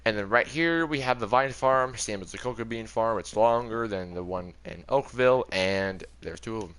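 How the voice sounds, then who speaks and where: A man's voice: fairly low pitch, moderate pace, a bit bright, clean tone. A young man giving a casual, rambling tour of his game world, often correcting himself as he goes. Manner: rambling, chatty, self-correcting. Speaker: gaming video creator.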